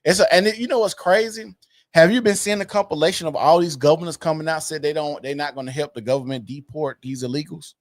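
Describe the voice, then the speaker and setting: A man hosting a casual podcast, blunt and joking, throwing questions to his cohost and pitching to viewers. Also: fast talker, dry recording. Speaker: podcast host.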